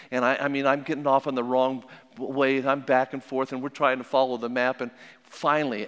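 Male preacher telling a story in church, mid voice, swings from lively to hushed, big echoey room. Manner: animated storytelling, dropping low and quiet to make a point. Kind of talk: sermon. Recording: long echoing hall reverb.

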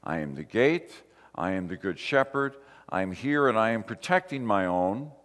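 A man's voice: fairly low pitch, lively intonation, normal speed, a bit bright, big-room sound. A man giving a conversational sermon, walking through a Bible passage and putting questions to his listeners. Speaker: preacher.

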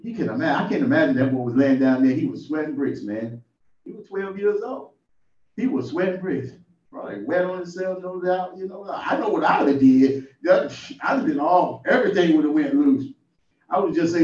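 A man's voice: on the high side, expressive, fairly quick, darkish tone. A man preaching an informal sermon in a folksy storytelling way, building up to exclamations. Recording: distant, echoey, muffled room recording.

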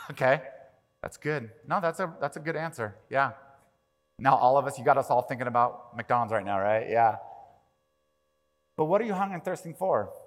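A man preaching a sermon as pastor, animated, swinging from quiet to loud and acting out quoted prayers. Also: medium pitch, normal speed, pauses often. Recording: long reverb of a large hall.

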